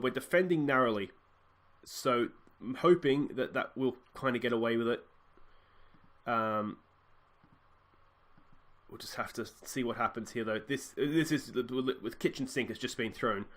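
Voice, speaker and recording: A man in his thirties with an Australian accent, commentating his own football game video and swinging between shouts and deflated murmurs. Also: mid-range voice. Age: 30s. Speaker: gaming video host.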